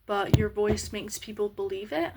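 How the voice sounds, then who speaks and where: A woman explaining a lesson on voice slowly, with many pauses and fillers. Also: medium pitch, vocal fry, noisy background.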